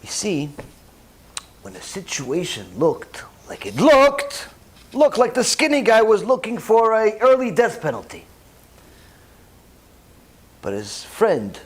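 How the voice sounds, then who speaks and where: A rabbi giving a sermon, telling stories with emphatic repetition and animated delivery. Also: male voice, high-pitched, slow pace, pauses often, husky. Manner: repeats phrases for emphasis.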